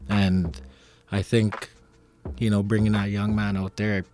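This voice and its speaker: A man's voice: lowish voice, flat delivery, unhurried. A man on a radio panel, telling a story and acting out the quoted dialogue. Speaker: panelist and ceremony helper.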